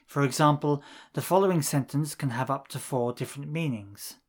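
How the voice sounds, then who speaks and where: A man narrating a scripted language lesson, reading drill phrases in a measured way with pauses between them. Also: medium pitch. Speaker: language teacher.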